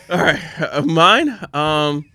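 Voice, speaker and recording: A man co-hosting a casual chat, animated and quick to laugh loudly. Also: fairly high pitch, dry recording, studio quality. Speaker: podcast co-host.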